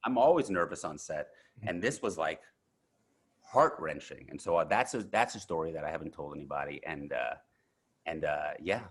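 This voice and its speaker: A man in his thirties with a very deep, low voice tells rambling stories as an interview guest. He restarts sentences often and fills pauses with casual fillers. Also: husky. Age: 30s. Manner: animated anecdotes with many fillers and restarts.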